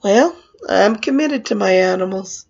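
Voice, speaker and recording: A woman, a clown magician, telling a story from her shows in an animated, expressive way. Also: mid-range voice, measured pace, creaky, slightly rough. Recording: dull lo-fi recording.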